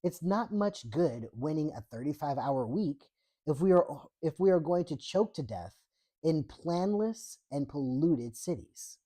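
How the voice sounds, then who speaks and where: A woman voicing a male union leader at a rally, trying an Australian accent while reading his words slowly. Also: sits low, animated, warm tone. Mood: earnest. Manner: attempted Australian accent, slow speech.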